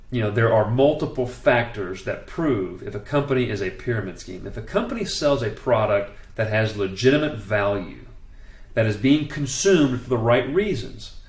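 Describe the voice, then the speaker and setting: Guy talking about business law, emphatic, repeats himself, echoey room. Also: mid-range voice. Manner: opinionated, emphatic, many restarts. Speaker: commentator on network marketing law. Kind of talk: casual spoken commentary.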